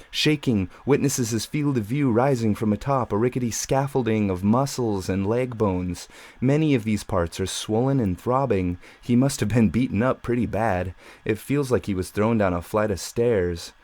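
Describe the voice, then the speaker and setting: Low-voiced man narrating a novel. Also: darkish tone. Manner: measured, dramatic reading. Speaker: audiobook narrator and author.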